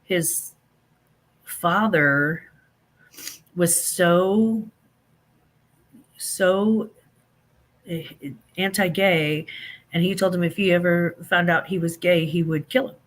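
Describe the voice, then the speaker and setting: A man hosting a casual livestream, chatting animatedly with viewers and reading out their comments. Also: high-pitched. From Saint Louis. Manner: animated, chatty, drawn-out emphatic phrases. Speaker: livestream host.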